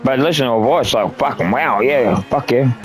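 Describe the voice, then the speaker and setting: A man's voice: medium pitch, lively intonation, moderate pace, soft background music. Swearing Australian man narrating gameplay. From Northern Territory, Australia. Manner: crude, swears freely, rambling asides. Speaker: gaming streamer. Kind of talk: casual gameplay commentary.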